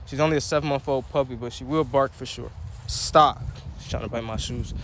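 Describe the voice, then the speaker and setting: A dog-owning vlogger talks quickly at a medium pitch during a walk, over a faint hiss or hum. His casual chat is full of fillers and keeps breaking off for commands to his dog.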